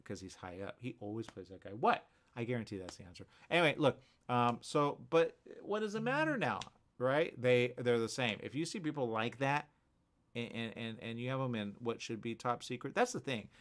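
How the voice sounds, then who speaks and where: Male radio host, casual monologue, very lively pitch, rambling, restarts and asides. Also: moderate pace. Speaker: radio morning show host. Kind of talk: casual talk show monologue.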